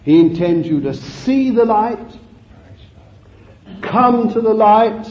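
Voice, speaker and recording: Male preacher, high voice, slow impassioned sermon, roomy lo-fi church recording. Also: expressive. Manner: impassioned, rising and falling, drawn-out phrases.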